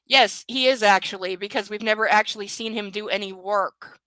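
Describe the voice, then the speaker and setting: A woman's voice: medium pitch, fairly quick, a bit bright, dry recording, rough recording. A woman doing a live book reading, breaking off into sarcastic, exasperated commentary with swearing. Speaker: reader and commentator.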